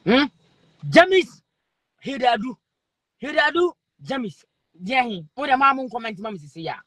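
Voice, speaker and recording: A man with a Ghanaian accent hosts a live-stream chat, excitably calling out viewers' names and comments and breaking into laughter. His voice sits very high and sounds bright and forceful. The sound is close and dry. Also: normal speed, dry recording. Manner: excitable, laughs often, calls out names repeatedly. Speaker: livestream host reading viewer comments.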